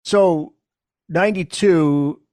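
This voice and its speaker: A man's voice: a little high, takes it slowly, darkish tone, dry recording. A man hosting a podcast, asking questions in a casual, conversational way and adding his own memories. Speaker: podcast host. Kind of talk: casual interview.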